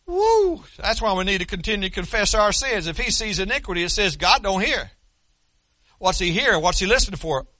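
Folksy older preacher, high bright voice. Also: male voice, expressive, brisk, no echo. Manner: folksy preaching, rising to fervent shouts, frequent stammered restarts. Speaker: pastor. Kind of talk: sermon.

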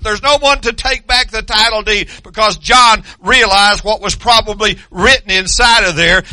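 A man's voice: high-pitched, pushed and bright, no room sound. An older man preaching a sermon in an emphatic, repetitive way, with many hesitations.

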